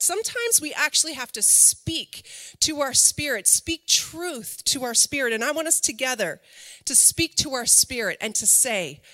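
A middle-aged woman preaching an online sermon in a conversational, lively way, asking the viewers questions. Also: a little high, long reverb tail. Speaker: pastor.

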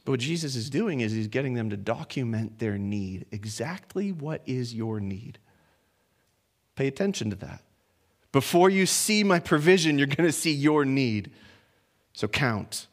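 A man's voice: medium pitch, expressive, measured pace. A man preaching a conversational sermon that works through a passage verse by verse. He talks informally, doubles up on words as he thinks, and puts questions to his listeners.

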